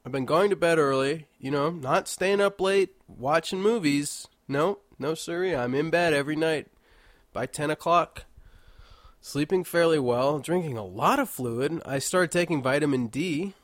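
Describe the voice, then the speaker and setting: A man's voice: on the high side, normal speed, no echo. A congested man hosting a casual solo monologue, rambling and jokey with mock-indignant asides, indoors at home. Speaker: podcast host.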